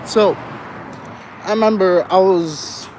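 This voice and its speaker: Young guy, high voice, casual profane storyteller walking a street, faint traffic behind. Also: slow. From Southern California. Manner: rambling, profane, laughs often. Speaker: vlogger.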